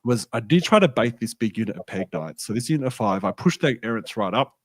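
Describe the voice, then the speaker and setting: A man's voice: fairly low pitch, quick pace, no echo. A man co-hosting a podcast, telling a tabletop game story and acting out the quoted lines. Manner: animated, acts out quoted dialogue. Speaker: podcast co-host. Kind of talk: casual chat, storytelling.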